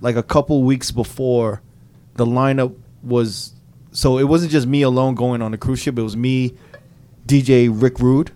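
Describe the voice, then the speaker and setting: A man and DJ telling a story in casual podcast chat, profane and animated, slipping into quoted voices. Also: medium pitch, measured pace.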